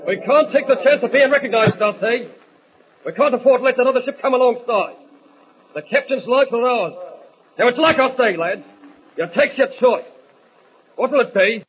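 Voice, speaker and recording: An actor playing the gruff, scheming ringleader of a ship mutiny, who talks rough and ungrammatical, in 1940s radio acting. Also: male voice, very high voice, moderate pace, long pauses. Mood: commanding. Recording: muffled old radio recording with loud hiss.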